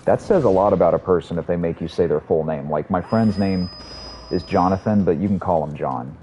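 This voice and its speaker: A man's voice: deep voice, mellow. A man streaming a game, chatting casually and telling stories in a rambling, profane way. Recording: slightly muffled audio, faint room hum.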